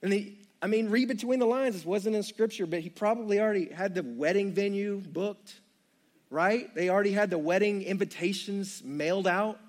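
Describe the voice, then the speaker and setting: A man's voice: sits high, normal speed. A young man preaching a sermon, retelling the story with jokey asides and playful asides to the congregation. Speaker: pastor.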